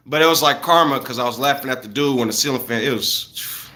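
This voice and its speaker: Animated bright-voiced man telling stories. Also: medium pitch, a little fast. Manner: animated, loose and profane, talking straight to viewers. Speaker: livestreamer. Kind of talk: casual storytelling on a livestream. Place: at home.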